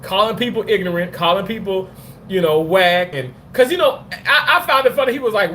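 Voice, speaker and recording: A man's voice: high-pitched, fairly quick, slight background noise. A man hosting a casual livestream chat, cursing freely, laughing often and talking back to comments from viewers. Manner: animated, profane, laughs often. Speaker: livestream host.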